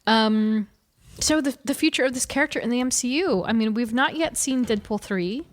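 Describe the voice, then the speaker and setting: A woman in her forties co-hosting a casual podcast chat, telling stories animatedly and correcting herself as she goes. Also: on the high side. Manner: animated storyteller, quick self-corrections. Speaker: podcast co-host.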